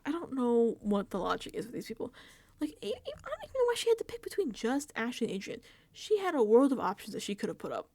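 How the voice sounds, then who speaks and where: Woman, casual recap host, higher voice, very expressive pitch, frequent laughter, exasperated. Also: fairly quick. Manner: animated, laughs often, exasperated. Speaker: reality show recap host.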